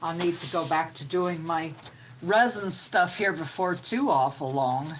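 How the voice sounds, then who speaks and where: A woman in middle age talks slowly and easily on a home live stream. Her voice sits a little low and homey. A faint hum of room noise runs behind her. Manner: slow, homey and chatty, reading out viewer comments. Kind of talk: casual live-stream chat.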